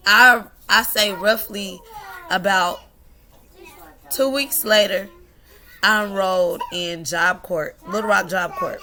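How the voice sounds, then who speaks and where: A woman's voice: mid-range voice, takes it slowly, long pauses, pushed and bright. A young woman telling a personal story to the camera, emotional and laughing, at times tearful. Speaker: vlogger.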